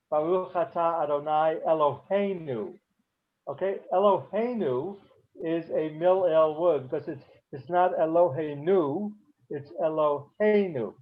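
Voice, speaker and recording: A man's voice: fairly high pitch, muffled recording. A man teaching a beginners' Hebrew class online, explaining patiently with frequent fillers.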